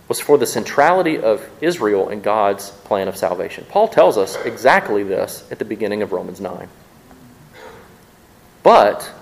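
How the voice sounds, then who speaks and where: A male pastor preaching a sermon in a church, speaking conversationally to his congregation and often repeating words quickly as he thinks aloud. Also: fairly low pitch, low-quality recording.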